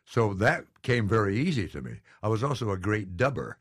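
A man's voice: lowish voice, sing-song, a little fast, breathy edge, dry recording, clean studio sound. An older man chatting as an interview guest, self-deprecating and laughing often. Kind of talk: casual interview chat.

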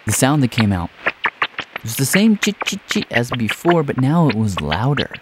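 A man hosting a radio documentary, telling a story and interviewing with playful, animated delivery. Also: medium pitch, moderate pace, heavy background noise. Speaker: radio show host.

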